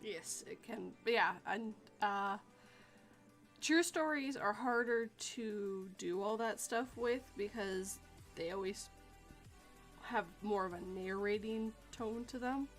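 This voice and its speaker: A woman hosting a casual podcast, chatty and quick to laugh. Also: mid-range voice, faint music behind. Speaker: podcast host.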